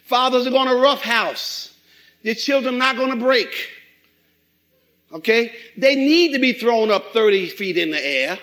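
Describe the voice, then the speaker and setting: A middle-aged man preaching a sermon, animated and acting out quoted voices. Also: very high-pitched, a little slow, poor audio. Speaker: pastor.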